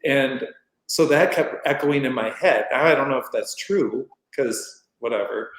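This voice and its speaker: Middle-aged male podcast guest, mid-pitched, loose rambling storyteller, echoey room. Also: unhurried. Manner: rambling, animated retelling with acted-out quotes. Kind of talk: casual storytelling.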